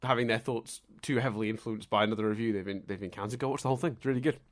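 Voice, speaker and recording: A man's voice: fairly low pitch, steady tone, very fast. A man co-hosting a casual podcast, chatting loosely with frequent restarts and teasing asides. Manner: chatty, self-interrupting, many ums and restarts. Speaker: podcast co-host.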